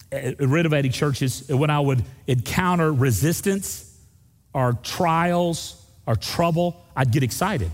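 A man preaching a sermon as pastor, asking the congregation questions and jumping high in pitch for emphasis. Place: church sanctuary. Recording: long hall reverb of a church.

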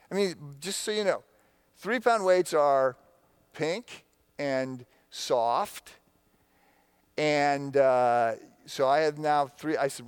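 Smooth, candid storytelling preacher. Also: male voice, a little high, animated, takes it slowly, no room sound. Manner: conversational storytelling, candid and self-deprecating. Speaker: pastor. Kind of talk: sermon.

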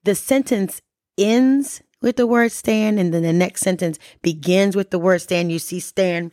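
A woman's voice: medium pitch, measured pace, a little mellow, no room sound, studio quality. A middle-aged woman hosting a faith podcast, teaching in a conversational way and often checking in with "right?". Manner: conversational, keeps asking "right?". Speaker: podcast host.

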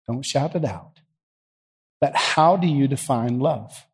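A man's voice: medium pitch, lively intonation, takes it slowly, pauses often, slightly rough. A man with a Southern US accent, a pastor leading prayer and preaching in a folksy, teasing, conversational way, worn out by allergies. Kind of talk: sermon and prayer. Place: church sanctuary.

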